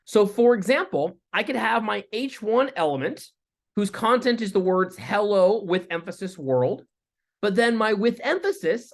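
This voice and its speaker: A man teaching a lecture with live coding, talking in a relaxed way with fillers and restarts. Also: sits high. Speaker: instructor.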